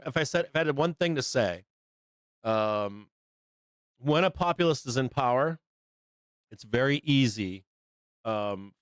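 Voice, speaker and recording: A middle-aged man ranting off the cuff on his live trading stream, swearing freely and breaking into laughs. His voice is smooth and resonant, recorded close and dry with no room sound. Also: lowish voice, dry recording. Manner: blunt, profane, laughs often. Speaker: live trading show host. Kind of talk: casual livestream chat.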